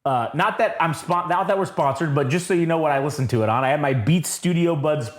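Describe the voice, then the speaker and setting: A man co-hosting an album review podcast, telling stories in an excitable, profane, animated way. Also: a little high, fast talker, roomy sound. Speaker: podcast co-host. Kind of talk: casual album review chat.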